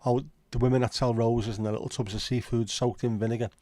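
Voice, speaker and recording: A man's voice: mid-range voice, flat delivery, fast, a little mellow, dry recording. A man with a Liverpool accent hosting a casual livestream chat, rambling and opinionated with frequent swearing. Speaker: livestream host.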